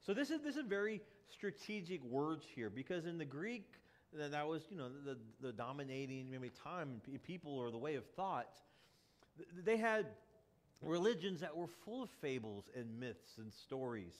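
A male pastor delivers a sermon with a fairly high, lively voice that swings widely in pitch. He talks to the congregation in a casual, emphatic way, stacking rhetorical questions and restarting phrases as he pushes his point. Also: moderate pace.

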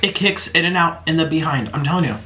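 Guy doing a mukbang, super excited, keeps gushing, bright voice, echoey room. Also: a little high, fast, a little hiss or hum. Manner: excitable, gushing, full of exclamations. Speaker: mukbang host. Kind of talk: casual eating vlog chat. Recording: roomy echo.

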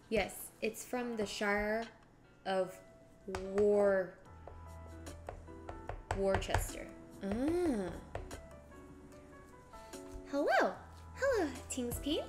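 Her medium-pitched voice swings widely in pitch, drawing out words and pausing often, as she cooks live and narrates every step. It's casual stream chat with her viewers, with background music clearly audible.

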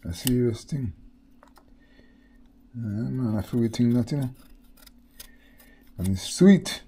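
A man's voice: medium pitch, lively intonation, takes it slowly, mellow, breathy edge. A Jamaican man chatting casually on his cooking vlog, laid-back and mixing in patois phrases. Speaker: cooking vlogger. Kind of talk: casual chat.

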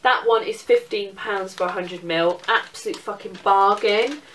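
A woman's voice: mid-range voice, measured pace, a bit bright, recorded from a distance, slight background noise. Sweary, chatty young Englishwoman off-mic. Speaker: vlogger. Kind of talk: casual shopping haul chat.

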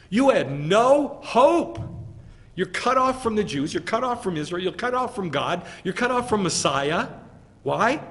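A man's voice: fairly high pitch, a bit bright. A male rabbi preaching a sermon with emphatic delivery and rhetorical questions to his congregation.

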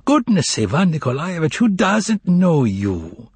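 A man voicing a mysterious foreign male professor, drawn-out and theatrical, with a husky voice. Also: on the high side, big pitch swings, no echo, pitched above the performer's own voice, full character voice. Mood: amused. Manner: slow, drawn-out, grandly amused delivery.

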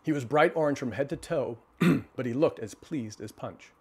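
A male host reading a children's storybook aloud with expressive timing, his voice sitting at an ordinary middle pitch. Between stories he chats casually with viewers, pausing and restarting as he thinks. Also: husky. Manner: expressive reading, then relaxed halting chat.

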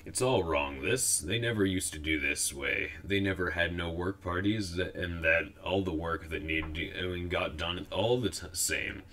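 A man's voice: sits low, unhurried, hardly any pauses, bright, forceful tone. A man voicing a grumbling old female squirrel who rambles in folksy dialect.

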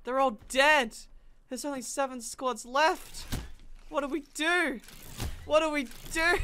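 A woman giving excited, chatty commentary on her own gameplay, with sudden yelps and laughs as the action turns. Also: sits high, slow pace, a little hiss or hum. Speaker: gaming streamer.

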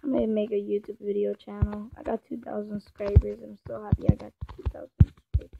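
A woman's voice: medium pitch, little pitch movement, quick pace, vocal fry, over loud music. A woman voicing an easygoing married man buying a car in a game role-play. He rambles and talks to himself. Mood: excited. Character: easygoing male car buyer with a wife. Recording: muffled and noisy, with background clicks.

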